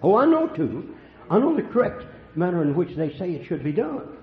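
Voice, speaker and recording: A man's voice: high voice, very animated, normal speed. Older country preacher guy telling stories, muffled lo-fi recording with a roomy echo. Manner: folksy storytelling, swings between hushed and loud. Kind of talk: sermon. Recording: echoey room, dull lo-fi sound.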